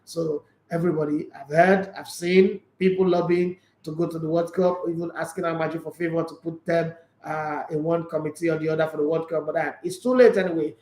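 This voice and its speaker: A man with a Nigerian English accent hosting a sports show, reading viewer comments aloud and answering them in a husky, tired voice. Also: on the high side, steady tone, brisk, few pauses, darkish tone, roomy sound, poor audio. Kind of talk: casual sports chat.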